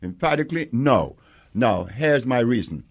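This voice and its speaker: Animated older man telling emphatic stories. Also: medium pitch, normal speed. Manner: animated storyteller acting out quoted exchanges, emphatic, laughs often. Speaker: interviewee, herbal healer. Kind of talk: conversational interview storytelling.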